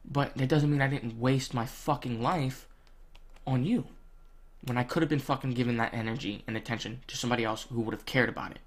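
A young man, ranting bluntly to camera in casual vlog talk, swearing a lot and filling pauses with ums. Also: mid-range voice, fairly even intonation. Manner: blunt, profane, heated, with many ums. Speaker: vlogger.

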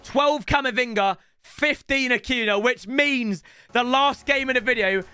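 A young man giving excitable commentary on his own football video game matches, with shouting outbursts and joking banter. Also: very high voice, measured pace, clean tone, soft background music. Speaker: gaming YouTuber.

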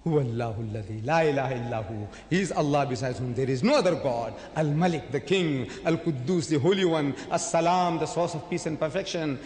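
A man making a dramatic debate speech to an audience, acting out the quotations he cites in a loud voice. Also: on the high side, fast, few pauses. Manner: dramatic, acts out quotations loudly. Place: large hall before an audience. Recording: echoey hall recording.

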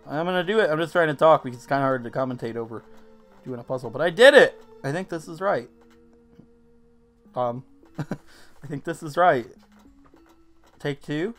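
A man giving casual gameplay commentary as a let's play host, joking and quick to outbursts. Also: a little high, expressive, faint music behind.

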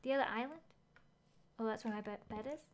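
A woman's voice: a little high, fast talker. A woman game streamer chatting casually as she plays, thinking aloud, gasping at finds and reading chat messages.

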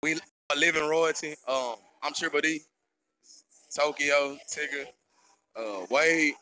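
Male rapper, easygoing and hesitant, bright and a little high. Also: slow pace, rough recording. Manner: laid-back, hesitant. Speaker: hip-hop artist. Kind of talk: casual interview talk.

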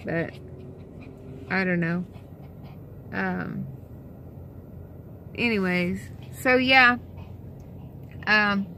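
A woman's voice: medium pitch, extremely slow, long pauses, sharp tone, slight background noise. A young adult woman vlogging in a car and a store, chatting casually and rambling through exasperated complaints with lots of fillers. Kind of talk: casual chat. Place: inside a car, later a store.

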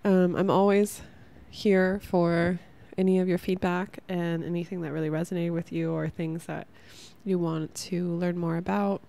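Gravelly-voiced woman hosting a heartfelt podcast. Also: lowish voice, flat delivery, normal speed, few pauses, warm tone. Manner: rambling, heartfelt, says "like" a lot. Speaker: podcast host. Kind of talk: casual spiritual podcast monologue.

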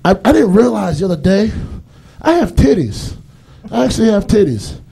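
A man's voice: high voice, big pitch swings, moderate pace, creaky, mellow, husky. A man doing a loose, rambling stand-up comedy set on stage, acting out voices as he goes. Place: comedy stage before a live audience.

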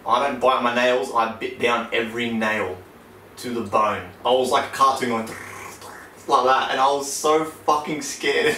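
A man's voice: moderate pace, a little hiss or hum. A young man, co-hosting a casual podcast chat, swearing freely and telling stories with lots of energy. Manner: swears a lot, animated storyteller. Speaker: podcast co-host. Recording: roomy, distant low-quality backup mic.

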